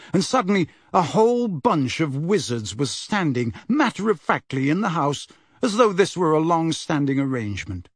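Male audiobook narrator, lively and expressive, slightly husky, close and dry. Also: a little high, dry recording. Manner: expressive, animated reading. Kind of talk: storybook narration.

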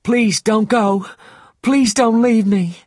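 A man voicing a frightened young boy who pleads in a high voice. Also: takes it slowly, darkish tone, no room sound, clean studio sound. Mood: pleading.

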